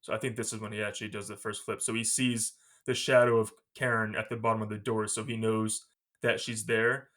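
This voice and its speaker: A man hosting a podcast, retelling a movie scene by scene in a casual, animated way and laughing often. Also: fairly low pitch, a little fast. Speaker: podcast host.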